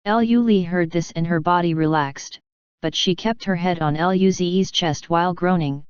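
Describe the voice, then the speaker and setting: A woman with a smooth, very clear voice, pitched a little low, reads an audiobook in a steady, even way. The sound is close and dry, with a slightly dull, muffled tone. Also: a little slow, no room sound. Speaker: audiobook narrator. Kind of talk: scripted narration.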